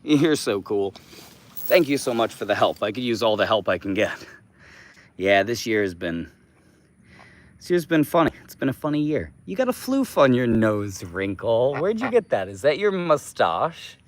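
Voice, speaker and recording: A man's voice: on the low side, sing-song, moderate pace. A man hosting a casual livestream, cooing to his pet duck in baby talk and thanking viewers for their comments. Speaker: livestream host.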